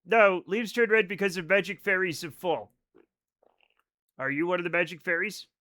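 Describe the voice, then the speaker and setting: A man livestreaming a space game, chatting casually with viewers, excitable and rambling with plenty of swearing. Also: high voice, normal speed. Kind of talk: casual chat with stream viewers. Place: home at night.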